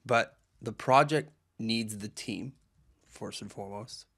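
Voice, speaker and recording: A man's voice: fairly low pitch, slow, vocal fry, fairly bright tone, slightly rough. A man co-hosting a casual hockey podcast, easygoing and agreeable. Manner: easygoing, agreeable, trails off mid-thought. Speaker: podcast co-host.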